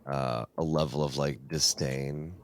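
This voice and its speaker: A man chatting casually about books on a podcast, in a halting way full of fillers. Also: a bass voice, steady tone. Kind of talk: casual book discussion.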